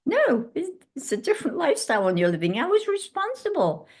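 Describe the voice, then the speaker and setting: A British woman in her eighties, from England, telling lively stories as a guest in an interview and acting out the dialogue in them. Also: high voice, brisk. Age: 80s. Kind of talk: casual interview storytelling.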